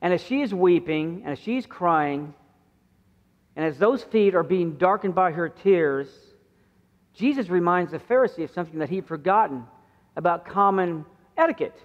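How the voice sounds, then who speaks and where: High-voiced pastor preaching in a reverberant church. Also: male voice. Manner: conversational preaching, acting out quoted voices with rising pitch. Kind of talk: sermon. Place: church sanctuary. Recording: muffled church sound with long reverb.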